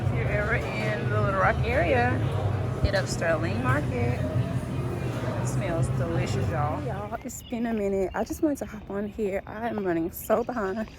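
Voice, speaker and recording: Chatty woman vlogging over traffic noise. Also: mid-range voice. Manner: chatty, hurried, friendly. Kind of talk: casual vlog talk to camera. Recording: loud traffic and outdoor noise.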